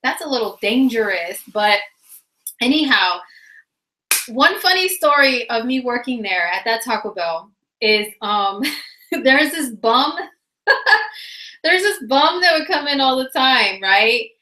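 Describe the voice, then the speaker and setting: A woman telling a funny personal story in a casual, animated way, laughing often and using lots of fillers. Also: on the high side, takes it slowly, long pauses. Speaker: vlogger. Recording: roomy echo.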